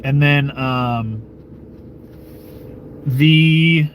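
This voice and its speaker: Very slow and slightly high-pitched, this American man hosts his own channel amid background noise. He talks casually with his live-stream viewers, rambling and relaxed, leaning on fillers and breaking into swearing and chuckles often.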